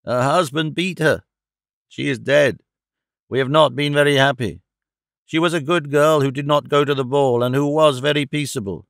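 A man's voice: a little high, steady tone, moderate pace, vocal fry, fairly bright tone, no echo, clean studio sound. A man reading the part of a bewildered old vagrant prisoner who protests bluntly and rambles in an audiobook. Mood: pleading.

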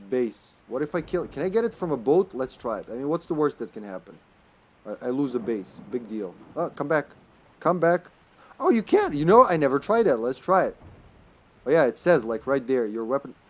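A man commentates a live retro game stream. He rambles casually and jokes with his viewers, with a medium-pitched voice. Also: lively intonation, a little fast. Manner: chatty and jokey, often laughing, greeting chat.

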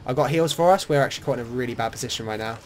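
A young man talks through an online shooter match in easy, unscripted commentary. He is excitable and swears freely, mixing frustration with laughing banter aimed at his teammate. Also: mid-range voice, racing, soft background music. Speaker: gamer. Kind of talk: casual gaming commentary.

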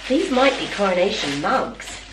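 In a relaxed home vlog, a middle-aged woman chats to her dog while opening parcels, exclaiming repeatedly in a sing-song, mid-range voice at a moderate pace. The recording is roomy and distant, with slight background noise.

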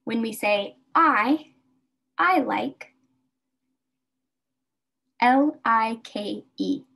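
A woman leads a beginner English lesson with a fairly high voice. She talks very slowly and carefully, repeating each word so her learners can follow along. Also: creaky, pushed and bright. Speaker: English teacher.

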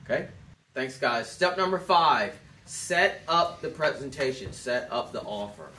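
A man giving a sales coaching talk to a small group, telling stories in a loose, animated way and acting out quotes. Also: medium pitch, unhurried. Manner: animated storyteller, acts out quotes, loose rambling phrasing. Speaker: sales trainer. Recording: echoey room, mic at a distance, faint background noise.

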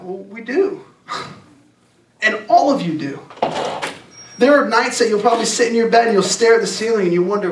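A young adult man giving a youth sermon, talking casually and emphatically and slowing down to read scripture. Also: high voice, background noise. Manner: emphatic, conversational preaching with slowed scripture reading. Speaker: youth pastor. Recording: echoey room, distant mic.

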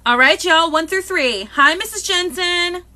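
A woman hosting a live unboxing, chatting excitedly and greeting viewers by name. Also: very high voice, a little slow. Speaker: live-stream host.

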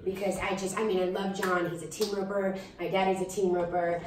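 A woman's voice: lowish voice, a little fast, background noise. A young adult woman, a singer-songwriter, chatting casually in an interview with lots of fillers. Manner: chatty, animated, frequent fillers. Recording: roomy, distant mic with faint ambience.

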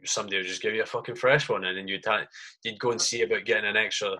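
Very fast and forceful, the fairly low voice stays steady in tone and bright. It belongs to an army sergeant in his thirties telling war stories as a podcast guest, casually, with lots of swearing, "mate" in every sentence, and reenactments of how he reacted.

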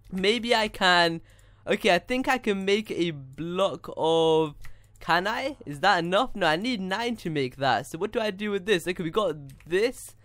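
A young man with a high, bright voice, talking through his gameplay in a loose, excitable ramble. He wonders aloud about each step and keeps calling everyone dude. The sound is very dry and close, with no room sound at all. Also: no echo. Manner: excitable, talks to himself, says dude a lot. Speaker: gaming YouTuber. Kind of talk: casual Minecraft gameplay commentary.

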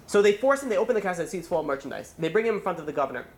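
A man, a rabbi, giving a holiday sermon, telling a story in a quick, rambling way full of restarts and fillers. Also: sits high, very animated.

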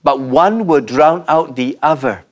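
Slow, measured male preacher. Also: on the high side. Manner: slow, measured preaching with dramatic pauses and repeated refrains. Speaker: pastor. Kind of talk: sermon.

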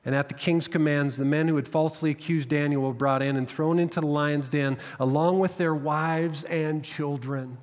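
Male pastor, dramatic sermon storytelling, slightly high voice, reverberant church hall. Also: fairly even intonation, moderate pace, few pauses. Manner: dramatic storytelling, drops to hushed tones. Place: church sanctuary.

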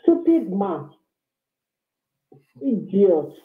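A woman's voice: mid-range voice, big pitch swings, extremely slow. A woman speaking Nigerian Pidgin English, calling in to rant angrily and hurl insults at someone. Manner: scolding, insulting, heated. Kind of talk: angry phone-in rant. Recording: tinny echoey phone line.

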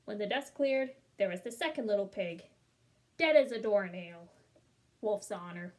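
A woman reading a storybook aloud as a smooth-talking male wolf, chatty and wry in tone. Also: mid-range voice, lively intonation, normal speed, darkish tone, close to an everyday voice. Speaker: storybook reader. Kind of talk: children's read-aloud.

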